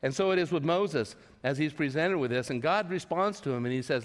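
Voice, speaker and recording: A man's voice: on the high side, a little fast, few pauses, long reverb tail. A male pastor preaching a sermon, acting out the lines he quotes with big swings in his voice.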